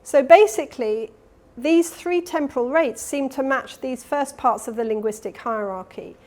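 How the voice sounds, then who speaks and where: A woman lecturing at a conference in a slightly high voice. She explains carefully and patiently, catching and correcting herself mid-phrase. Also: moderate pace, a little mellow. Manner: explanatory, with self-corrections and fillers. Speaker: keynote lecturer. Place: conference hall.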